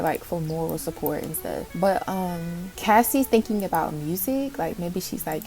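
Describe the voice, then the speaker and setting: A woman's voice: on the low side, vocal fry. Chatty woman narrating a game. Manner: chatty, excitable, addresses viewers as y'all. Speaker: Sims gameplay narrator. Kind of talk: casual gameplay commentary.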